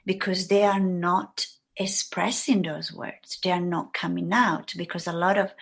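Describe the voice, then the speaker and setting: A woman guest on a podcast who talks in a rambling way and acts out the thoughts she quotes. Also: on the low side. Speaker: guest, writing mentor. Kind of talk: casual podcast conversation.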